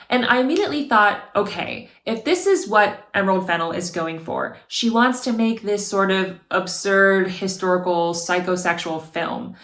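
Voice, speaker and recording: A woman's voice: medium pitch, a bit bright. A woman narrating a scripted video review with wry, sarcastic asides. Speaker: video essayist. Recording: roomy echo.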